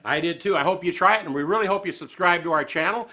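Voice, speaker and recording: Male cooking host, folksy and chatty, slightly high, bright forceful voice. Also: quick pace. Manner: homespun, chatty, chuckles often.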